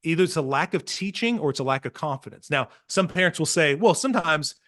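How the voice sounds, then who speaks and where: A man guest on a podcast, telling parenting stories with earnest, animated energy and acting out what others said. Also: on the high side, fast talker. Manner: earnest, animated storytelling, acts out quotes. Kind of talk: casual podcast conversation.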